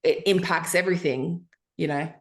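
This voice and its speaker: A woman's voice: low-pitched, normal speed. A woman coaching a client one on one in a casual call, upbeat and encouraging, with plenty of "like" fillers. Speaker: business coach.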